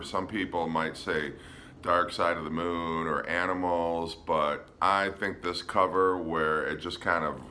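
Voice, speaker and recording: A man casually showing his record collection on a vlog, relaxed and hesitant, with frequent ums. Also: low voice, a little hiss or hum. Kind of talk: casual show-and-tell vlog.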